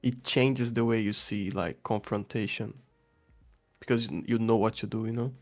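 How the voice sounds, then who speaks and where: Animated man who keeps saying bro. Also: lowish voice, normal speed. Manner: animated, repeats words, says bro a lot. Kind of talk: casual chat.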